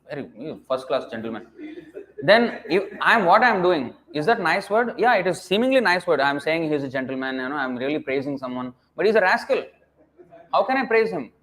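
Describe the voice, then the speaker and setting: A man's voice: on the high side, fairly bright tone. A man giving a scripture lecture as a preacher, emphatic and scolding, firing rhetorical questions and dropping to a mutter at phrase ends.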